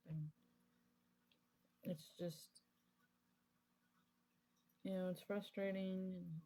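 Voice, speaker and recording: A woman's voice: fairly low pitch, steady tone, slow pace, pauses often, dark tone, slight background noise, poor audio. A woman in her thirties casually telling a candid, rambling personal story, full of fillers, while crafting at her desk. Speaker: crafting vlogger.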